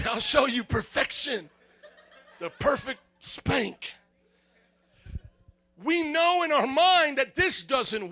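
A man's voice: extremely high pitch, sharp tone. A man preaching a sermon, firing rhetorical questions and acting out little dialogues.

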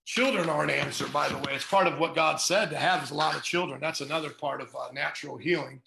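Middle-aged male pastor, fervent and sarcastic, bright tense voice in an echoey room. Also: fairly high pitch, quick pace, vocal fry. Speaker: pastor and podcast host. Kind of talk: casual preaching podcast.

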